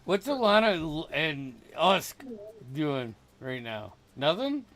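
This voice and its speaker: A man playing a tabletop game, unhurried and asking questions as he goes. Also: a little high, very animated, fairly bright tone. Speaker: player. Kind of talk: casual tabletop game play.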